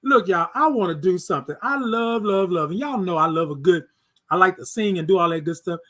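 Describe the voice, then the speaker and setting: A man hosting a casual morning livestream, greeting viewers by name with repeated affirmations and lively swings between loud and soft. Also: sits high, brisk. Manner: warm, repetitive affirmations, shouts out viewers by name. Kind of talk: casual live-stream chat with viewers.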